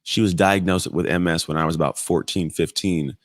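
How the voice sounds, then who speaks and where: A man in his thirties, a podcast guest, telling personal stories in an animated, blunt way with casual swearing. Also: sits low, a little fast, no echo, studio quality. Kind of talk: casual storytelling in conversation.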